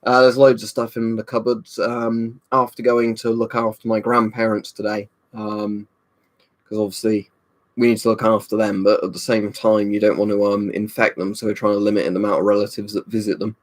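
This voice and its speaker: A man's voice: fairly low pitch, flat delivery, a little fast. Chatty young man on a home live stream. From United Kingdom. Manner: rambling and chatty, with frequent "um" and "you know". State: slightly tipsy from a drink. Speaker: livestream host. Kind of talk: casual live stream chat, reading viewer comments. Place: room at home.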